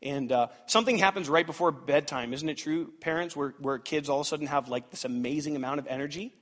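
Animated high-voiced male preacher. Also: fast talker. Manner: animated, dramatic swings from loud to hushed. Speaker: pastor. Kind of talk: sermon. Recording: reverberant church hall.

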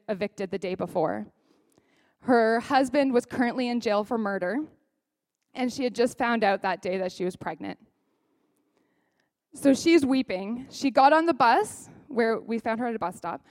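A woman telling a personal testimony in a sermon, as a lively storyteller who acts out the dialogue. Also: fairly high pitch, no room sound. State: briefly choked up. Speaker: speaker sharing a personal testimony.

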